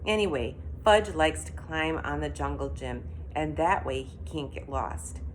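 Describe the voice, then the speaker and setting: Woman reader, animated storytelling, lowish lively voice. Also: unhurried, a little hiss or hum. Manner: expressive, animated. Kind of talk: read-aloud storytelling.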